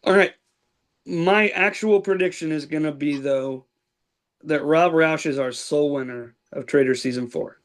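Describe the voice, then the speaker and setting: Male podcast host, slightly higher voice, loose and halting delivery. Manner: relaxed, hesitant with restarts and fillers. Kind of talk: casual chat.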